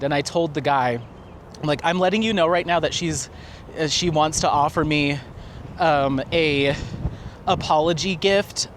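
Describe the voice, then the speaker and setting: A man vlogging while walking outdoors, retelling a story in a chatty, animated way with laughs. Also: fairly high pitch. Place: outdoors on a city street. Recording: faint traffic and street noise.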